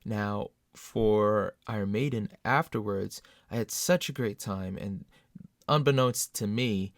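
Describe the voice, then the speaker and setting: A man telling concert stories in casual vlog style, excitable and animated, with sudden loud jumps. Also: fairly low pitch, slow, no room sound, studio quality. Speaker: metal fan vlogger. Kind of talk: casual storytelling to camera.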